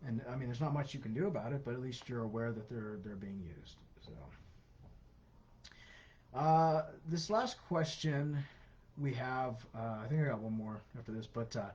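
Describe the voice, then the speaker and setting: A man with a slightly husky, mid-pitched voice hosts a casual online Q&A. He talks in a loose, advisory way, full of fillers and restarts. The sound is dull and lo-fi. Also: normal speed, a little mellow. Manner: conversational, frequent fillers, advisory. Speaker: host of an anti-scam Q&A. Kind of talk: casual livestream Q&A.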